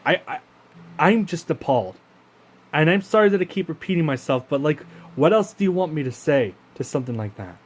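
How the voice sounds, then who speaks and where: A man's voice: a little high, expressive. Indignant, profane man. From Canada. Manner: indignant, profane, halting with many restarts. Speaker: channel host. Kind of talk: casual spoken rant to camera.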